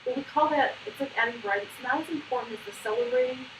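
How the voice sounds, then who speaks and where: A woman coaching a new volunteer in a chatty way, with lots of "like" fillers. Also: high voice. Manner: brisk, chatty, full of "like" fillers. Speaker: trainer of autism program volunteers. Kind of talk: hands-on instructional coaching. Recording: echoey room, distant mic, background noise.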